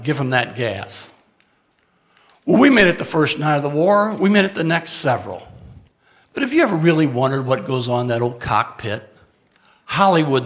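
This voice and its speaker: A man telling a dramatic story as a keynote speaker to an audience. He asks the listeners questions and moves from loud, urgent bursts to hushed, confessional lines. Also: mid-range voice, in a large hall.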